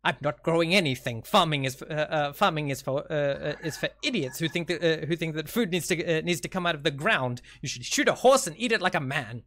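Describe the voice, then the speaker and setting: A man's voice: a little high, fairly quick, few pauses, pushed and bright, no room sound. A man doing a grumpy ranting old man. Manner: stammering, indignant rant.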